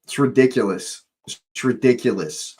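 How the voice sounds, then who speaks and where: A man's voice: mid-range voice, normal speed, a little mellow, breathy edge, rough recording. A man hosting a live football watch-along, reacting with exasperated, swearing outbursts.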